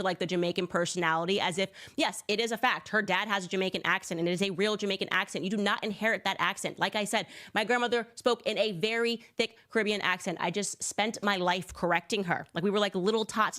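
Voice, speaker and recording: A woman's voice: fairly high pitch, a little fast, a bit bright. A woman hosting a political commentary show, delivering sarcastic, scornful opinions.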